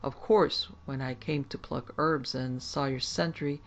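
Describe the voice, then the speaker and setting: A woman voicing a gaunt, sinister gentleman sorcerer who speaks in a well-bred, superior way with a faint foreign accent. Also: rumbling low, fairly even intonation, unhurried. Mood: scornful.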